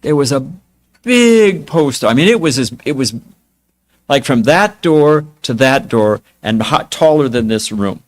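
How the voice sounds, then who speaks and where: An older man in his seventies gives a spiritual talk in an easy, conversational voice, his pitch sitting right in the middle for a man. He tells anecdotes with wry self-mockery and loose, chatty fillers. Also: lively intonation, moderate pace. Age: 70s. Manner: casual, self-mocking storytelling with fillers. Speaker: monk giving a talk.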